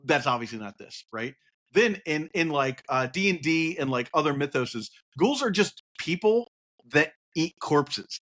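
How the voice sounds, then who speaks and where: A man's voice: on the high side, very animated, normal speed, fairly bright tone. A man co-hosting a casual card game podcast, rambling with lots of fillers and reading card text aloud. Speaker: podcast co-host.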